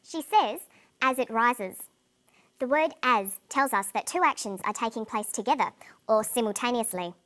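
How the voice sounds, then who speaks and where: A woman presenting an English lesson in clear, deliberate scripted narration, slowing down on example words. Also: on the high side, lively intonation, a bit bright.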